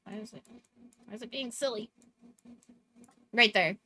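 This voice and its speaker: A woman's voice: fairly high pitch, normal speed, sharp tone. A woman narrating a tabletop role-playing game as dungeon master.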